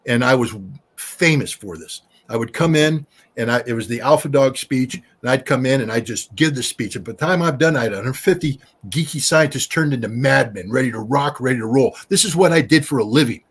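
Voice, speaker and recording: A man's voice: mid-range voice, fairly quick, husky. A middle-aged man, a former weapons inspector, talking emphatically in a casual interview. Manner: emphatic, animated storyteller.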